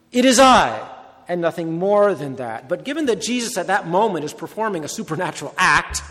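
A man preaching a sermon, with measured, emphatic phrasing and short repeated phrases. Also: a little high, a bit bright. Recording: long hall reverb.

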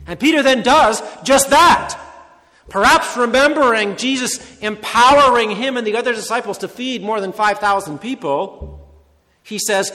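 Male preacher, high voice, slow emphatic sermon, long hall reverb. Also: expressive, sharp tone. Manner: measured, emphatic phrasing with short repeated phrases.

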